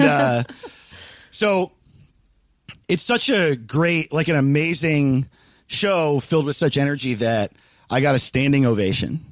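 A man's voice: medium pitch, dry recording. A man from Los Angeles, a comedian, telling a story in casual chat, often laughing and swearing freely as he animatedly recounts it.

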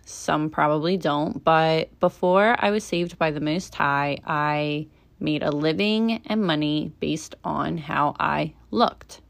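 A woman's voice: low-pitched, takes it slowly, gravelly. A young woman hosting her podcast as a doula, chatting in a casual, opinionated way and laughing often.

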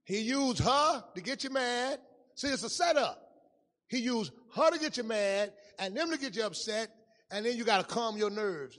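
High-voiced pastor preaching in a reverberant hall. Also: male voice, lively intonation, normal speed. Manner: conversational preaching, swings between loud and hushed. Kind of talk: sermon.

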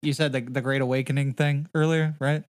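A man's voice: mid-range voice, level tone, brisk, dry recording, studio quality. A man hosting a podcast in casual chat, rambling and swearing freely. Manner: rambling, heavy swearing, fillers. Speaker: podcast host.

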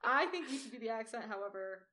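A woman's voice: on the high side, lively intonation, fast, bright, forceful tone. A woman in her twenties co-hosting a casual podcast, joking around playfully and laughing easily. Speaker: podcast co-host. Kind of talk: casual chat.

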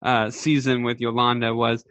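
A man's voice: medium pitch, moderate pace, smooth, no room sound. A man co-hosting a casual chat, ranting animatedly and quoting others. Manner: animated rants with quoted voices. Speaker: podcast co-host.

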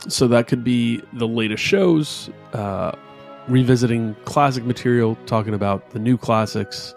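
A man's voice: mid-range voice, unhurried, creaky, soft background music. Laid-back man plugging his podcast. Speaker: podcast co-host doing a promo. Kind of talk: casual podcast promo.

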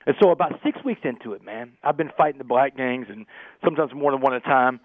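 A man telling a gripping personal story as a podcast guest, animated and peppering his talk with "man". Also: mid-range voice, no echo. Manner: fast, animated storyteller, keeps saying "man". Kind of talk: storytelling interview. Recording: tinny phone-like line.

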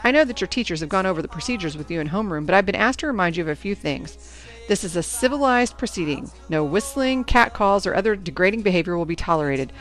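A woman's voice: on the low side, lively intonation, fast talker, soft background music, close to an everyday voice. A woman voicing a stern, formal booster club president running a school auction, with a commanding announcer manner.

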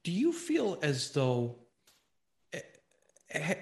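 A man hosting a casual interview show, animated and apologetic, often stumbling over his phrasing. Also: a little high, takes it slowly, creaky, echoey room. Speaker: podcast host.

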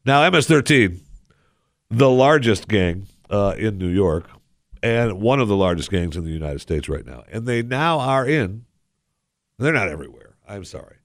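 A man's voice: fairly low pitch, lively intonation, moderate pace, no room sound, clean studio sound. A man hosting a talk radio show into a headset mic, talking in a put-on folksy drawl with a joking, sarcastic manner. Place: radio studio. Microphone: headset microphone.

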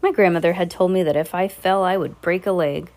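Deep-voiced woman reading a storybook. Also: steady tone, fairly quick, a little mellow. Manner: earnest, with small slips and restarts. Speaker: reader. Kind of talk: reading a children's novel aloud.

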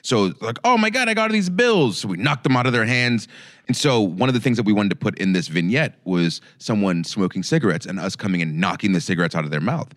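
A man co-hosting a casual chat, telling stories in a lively, expressive way. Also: deep voice, fast, no echo, clean studio sound. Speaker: podcast co-host.

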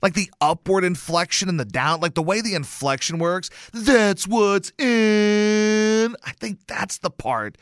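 A man's voice: on the high side, animated, normal speed, hardly any pauses, fairly bright tone, dry recording, clean studio sound. A man hosting a casual sports talk show, sarcastic and mocking, tossing off joke rhymes. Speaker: podcast host.

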